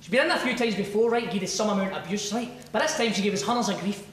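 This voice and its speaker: A young Scottish man in a comedy sketch, telling a sweary, animated story. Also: sits high, rapid-fire, few pauses. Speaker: sacked hairdresser. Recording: roomy, distant, loud noise.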